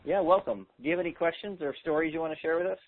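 A man's voice: on the high side, steady tone, very fast. A man hosting a handwriting analysis seminar with callers, explaining in a chatty way with joking asides. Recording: tinny phone-line audio.

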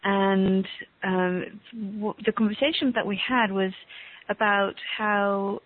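A woman speaking as a guest on a call, talking slowly and haltingly as she reaches for words. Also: mid-range voice, steady tone. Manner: slow, halting, searching for words. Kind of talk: casual conversation on a call. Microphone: call audio. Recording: tinny phone-line call.

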